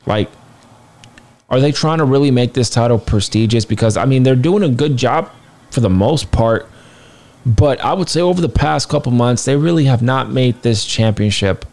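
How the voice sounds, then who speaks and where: A man's voice: mid-range voice, moderate pace, creaky, darkish tone. A man casually reviewing a wrestling show, blunt and rambling, swearing now and then, sounding tired. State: tired, yawning.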